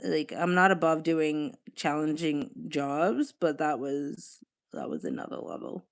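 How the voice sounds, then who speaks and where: Young woman, casual live-stream chatter, a little low-pitched, laughs a lot, swears casually. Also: expressive, a little slow, gravelly. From Australia.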